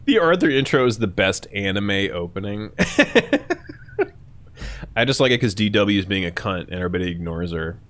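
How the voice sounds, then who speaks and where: A young man with a fairly low voice hosts a live stream, chatting loosely and profanely. His delivery swings widely in pitch and often jumps into shrill mock voices. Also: lively intonation, normal speed, fairly bright tone. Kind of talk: casual chat answering chat.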